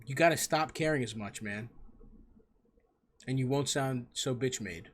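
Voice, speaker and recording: A man's voice: mid-range voice, unhurried, fairly bright tone. A young man hosting a comedy advice show, giving crude, profane and mocking answers to callers.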